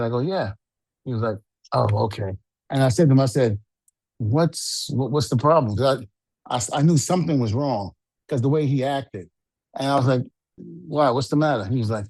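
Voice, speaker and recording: A middle-aged man tells an old backstage story in a relaxed, rambling way, leaning on fillers and acting out what others said. His voice sits in an ordinary middle pitch. The recording is dry and close, with no room sound. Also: normal speed, dry recording. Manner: animated storyteller acting out quotes, frequent fillers. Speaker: podcast co-host, retired wrestler. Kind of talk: casual storytelling.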